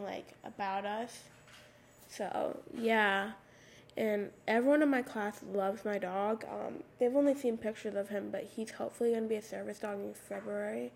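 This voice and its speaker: A teenage girl hosting her own podcast, raspy with a slight lisp on her s sounds, rambling casually with lots of "like" fillers into a USB microphone. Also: mid-range voice, a little mellow, slight background noise. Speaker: podcast host. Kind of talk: casual solo podcast talk. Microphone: USB microphone at a computer.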